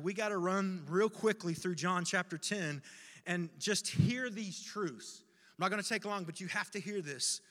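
A middle-aged male pastor preaching a dramatic, impassioned sermon, moving between loud pleas and hushed pauses. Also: high voice. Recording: long hall reverb.

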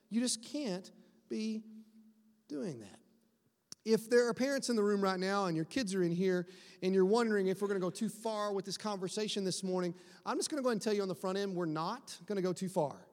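A middle-aged man preaching a sermon in a church, talking in a conversational, animated way and acting out quotes. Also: sits high. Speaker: pastor. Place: church sanctuary. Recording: long hall reverb.

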